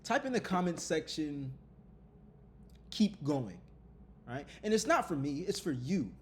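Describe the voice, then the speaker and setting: A man vlogging openly to his viewers, earnest and lively, often repeating his phrases. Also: fairly high pitch, a little slow, a little hiss or hum. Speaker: content creator. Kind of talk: candid vlog talk.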